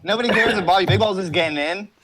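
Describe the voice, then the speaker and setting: A young man with a fairly high voice rambles through a casual interview from his car. He jokes and brags and swears constantly. He comes across as brash and over the top. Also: rapid-fire, over loud music. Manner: brash, profane, rambling comic boasting. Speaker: interview guest.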